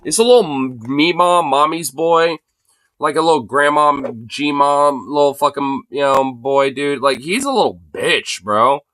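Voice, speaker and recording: A man's voice: fairly high pitch, unhurried, fairly bright tone, no room sound. A man live-streaming his reaction to a broadcast, talking in a crude, rambling, mocking way with lots of slang filler. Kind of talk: casual profane live commentary. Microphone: streaming mic.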